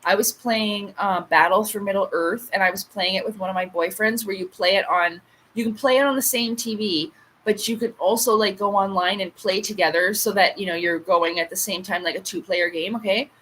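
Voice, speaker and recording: Woman, late 30s, livestream host, rambling chatty storyteller, mid-pitched voice, faint noise behind. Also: moderate pace, fairly bright tone, low-quality recording. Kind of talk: casual livestream chat.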